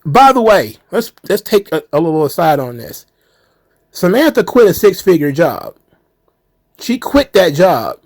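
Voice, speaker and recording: High-voiced man ranting sarcastically. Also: very animated, unhurried, no echo. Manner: sarcastic, heated, swearing. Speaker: wrestling commentary channel host. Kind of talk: ranting commentary.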